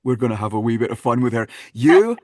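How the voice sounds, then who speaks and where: A man's voice: medium pitch, expressive, quick pace, a little mellow, dry recording, clean studio sound, natural voice. A man voicing a tall, jovial actor in a breezy, coaxing way. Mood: playful.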